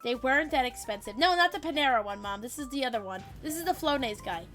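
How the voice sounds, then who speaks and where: Bright, high-voiced woman chatting on stream. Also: expressive, fast, faint music behind. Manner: chatty, swears freely, laughs often, reads chat messages aloud. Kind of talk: casual chat while gaming, storytelling to chat.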